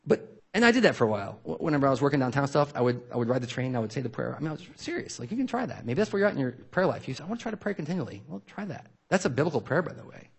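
Male pastor, slightly husky, conversational sermon delivery that drops to a hush for recited prayers. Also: mid-range voice, big pitch swings, racing. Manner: casual, conversational preaching with many fillers and "right?"; drops to a near whisper when reciting prayers.

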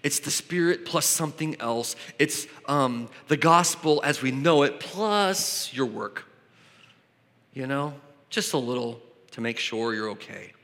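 A man's voice: medium pitch, lively intonation, unhurried, a bit bright, in a large hall. A man preaching a sermon, reading scripture aloud and explaining it in a conversational way. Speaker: pastor.

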